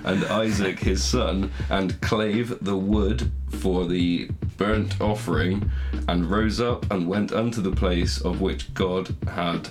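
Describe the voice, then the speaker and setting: Deep-voiced hungover man, stumbling reading. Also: fairly even intonation, slow, hardly any pauses, music in the background. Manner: stumbling, laughing, swears casually. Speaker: podcast co-host reading scripture aloud. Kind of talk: casual chat and slow halting reading.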